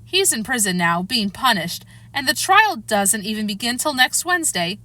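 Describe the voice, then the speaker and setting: A woman reading aloud, voicing a fussy, muddled queen who lectures in a lofty way and breaks into shrill screams. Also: big pitch swings, moderate pace, pushed and bright. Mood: matter-of-fact. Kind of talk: audiobook character reading.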